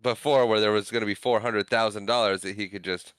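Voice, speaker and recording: A man's voice: lowish voice, fairly even intonation, brisk, a bit bright, clean tone, dry recording. A man co-hosting a film podcast, dropping wry, joking remarks into the recap. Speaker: podcast co-host. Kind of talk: casual film chat.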